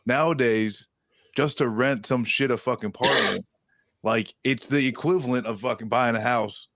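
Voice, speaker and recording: A man's voice: medium pitch, moderate pace, vocal fry, fairly bright tone, dry recording. Guy in his 30s rambling and cussing on a podcast, dry mic. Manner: rambling, heavy swearing and filler "like". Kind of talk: casual chat.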